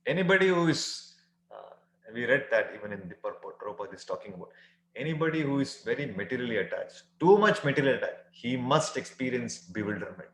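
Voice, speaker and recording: A man giving a devotional scripture talk, earnest, with many "uh" pauses and emphatic rising phrases. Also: mid-range voice, lively intonation, roomy sound, a little hiss or hum, rough recording. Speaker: scripture teacher.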